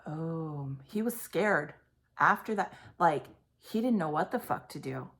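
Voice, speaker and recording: A woman talks straight to camera through an intense psychic reading. Her voice sits a little low, and she halts, restarts and trails off often. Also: expressive, a little slow, a bit bright. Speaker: psychic reader. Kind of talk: intuitive reading on video.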